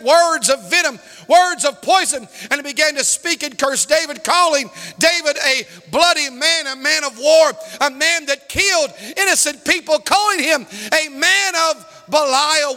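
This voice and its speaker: A man preaching a sermon in a church, breaking into loud outbursts and telling stories. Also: very high-pitched, long reverb tail. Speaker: pastor.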